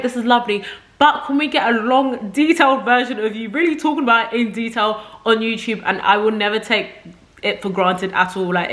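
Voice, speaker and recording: A woman's voice: medium pitch, a bit bright. Chatty, rambling young woman. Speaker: beauty content creator. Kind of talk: casual chat to camera. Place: home room with makeup setup.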